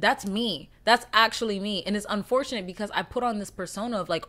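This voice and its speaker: With a medium-pitched, fairly bright voice, a young woman delivers a casual solo monologue on her podcast. She talks fairly quickly with hardly any pauses, speaking candidly to listeners and swearing a lot.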